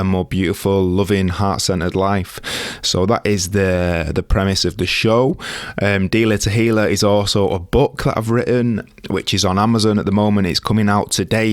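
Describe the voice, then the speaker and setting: A man's voice: sits low, no room sound. A man talking through a chatty, rambling, self-deprecating podcast monologue as its host.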